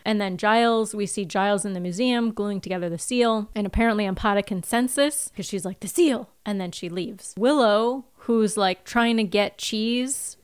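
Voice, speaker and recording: A woman's voice: mid-range voice, normal speed, hardly any pauses, clear, resonant tone, no room sound. A woman co-hosts a casual podcast, walking through a TV episode and laughing as she goes. She slips into little voices for the characters' lines. Her voice sits in a middle range and sounds close and dry. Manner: laughs often, acts out quotes in small voices. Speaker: podcast co-host. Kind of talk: casual chat recapping a TV episode.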